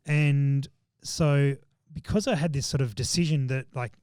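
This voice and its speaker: Male guest, mid pitch, rambling, dry close sound. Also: unhurried, a little mellow, smooth, no room sound. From Australia. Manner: rambling, many restarts. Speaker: shooting business owner, guest. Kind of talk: casual podcast chat.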